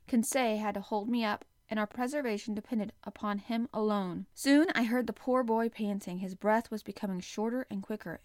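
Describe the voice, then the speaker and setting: A woman narrating a classic adventure novel aloud in the first person, with expressive, dramatic storytelling. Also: mid-range voice, dry recording, studio quality. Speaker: audiobook narrator.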